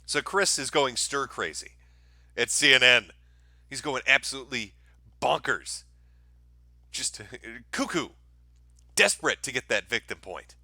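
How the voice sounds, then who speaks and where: A man's voice: mid-range voice, animated, measured pace, pauses often, pushed and bright, dry recording. A man hosting a commentary show, talking in a mocking, sarcastic, profane way.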